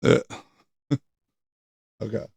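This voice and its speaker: A man's voice: extremely slow, a little mellow, no room sound. A man in casual, laid-back chat at a tabletop game. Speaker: player.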